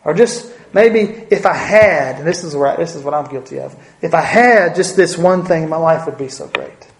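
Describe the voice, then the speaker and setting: In a church sanctuary with a roomy echo and a little hiss or hum, a preacher with a slightly high, expressive voice delivers a sermon at normal speed. He speaks earnestly, repeats key phrases for emphasis, and drops in folksy asides.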